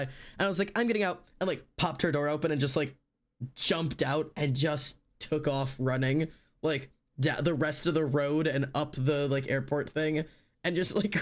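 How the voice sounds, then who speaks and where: Rambling man telling a story. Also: a little high. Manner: rambling, filler-heavy, acts out quotes. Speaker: streamer. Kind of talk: casual storytelling.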